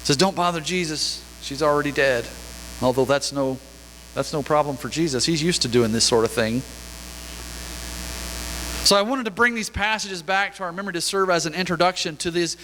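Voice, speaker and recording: Male pastor, conversational sermon with scripture reading, forceful tone, church hall reverb. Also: on the high side, slight background noise.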